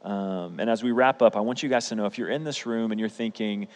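A man's voice: fairly low pitch, brisk. A young man preaching a sermon, telling personal stories in a casual, emphatic way. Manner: storytelling, conversational, emphatic. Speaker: pastor. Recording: hall reverb.

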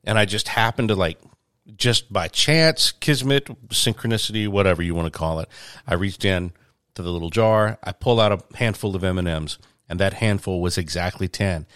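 A man, co-hosting a casual chat and telling stories in a relaxed way. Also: deep voice, moderate pace, clean tone, no echo, clean studio sound. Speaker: co-host.

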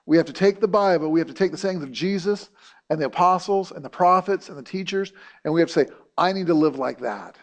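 A middle-aged pastor preaches in a casual, talky manner, often circling back with "you know" and repeated words. His voice sits a little high for a man. He sounds like he is speaking straight to his congregation. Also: quick pace. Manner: conversational, many fillers and restarts. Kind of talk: sermon.

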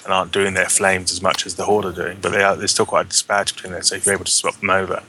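A man's voice: low-pitched, little pitch movement, rapid-fire, noisy background. A man hosting a casual gaming podcast, rambling and correcting himself with a wry tone. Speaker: podcast host.

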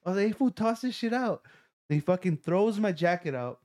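A man telling a profane story to friends, animated and laughing as he goes. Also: high-pitched, a little fast. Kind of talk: casual storytelling among friends.

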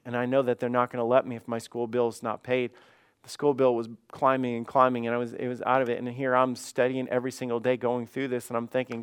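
A man's voice: mid-range voice, clean tone. A man, a pastor, preaching a fervent sermon with emphatic repetitions.

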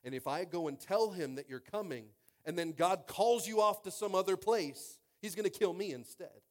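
A man's voice: high-pitched, normal speed, voice pushed up, close to an everyday voice. A preacher voicing a frightened male servant who begs not to be sent on a dangerous errand. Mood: pleading.

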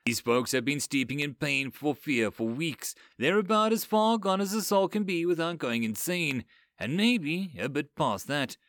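A man's voice: a little high, moderate pace, fairly bright tone, dry recording, clean studio sound. A man playing a sardonic, weary paladin. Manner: sardonic, grumbling. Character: weary, sardonic adult male paladin, gruff.

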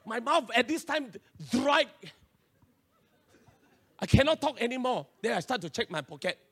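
A man with a Singaporean English accent, preaching a sermon as a pastor and telling a personal story in an animated way with local slang. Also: extremely high pitch, normal speed, breathy edge.

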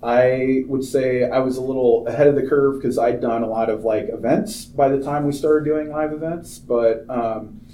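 A man's voice: mid-range voice, steady tone, normal speed, dark tone. A man co-hosting a casual film chat, rambling and filling his talk with "like" and "you know". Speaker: film programmer and podcast co-host. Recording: echoey room, distant mic, noisy background.

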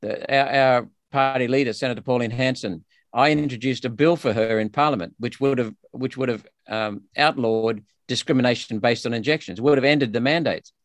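A man's voice: medium pitch, fairly quick, dry recording. An Australian man speaking as a politician guest in a podcast interview, emphatic and indignant with frequent restarts.

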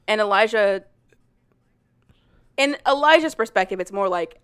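A woman talks loosely and animatedly in a casual podcast chat, her sentences packed with "like" and broken up by laughs. Her voice sits at an ordinary middle pitch. The sound is close and dry, with no room around it. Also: unhurried, long pauses, clean tone, dry recording. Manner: animated, laughs often, full of "like". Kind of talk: casual chat retelling a story.

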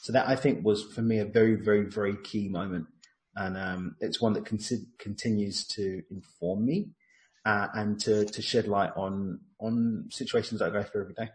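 On a poor-quality recording, a man with a lowish, steady voice speaks at normal speed in a reflective, casual chat. He earnestly describes a personal insight, acting out what went through his head.

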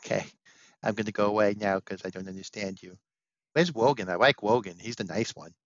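A man's voice: lowish voice, normal speed, no echo, natural voice. A man voicing a puppet character who is childlike and easily confused, with a put-on accent. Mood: puzzled. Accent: put-on accent like an old-time carnival promoter. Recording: dull lo-fi dry sound, from the mic.

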